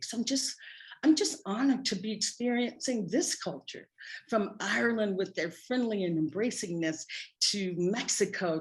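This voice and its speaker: A middle-aged woman, a spiritual practitioner, telling a personal story to her congregation in an animated, wry way. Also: lowish voice.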